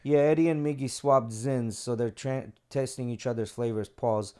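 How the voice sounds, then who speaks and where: A man co-hosting a casual podcast in a studio room, speaking at an ordinary middle pitch. He talks loosely, swears freely and walks through explanations step by step, guiding whoever is at the screen. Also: steady tone, normal speed, warm tone, clear, resonant tone. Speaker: podcast co-host.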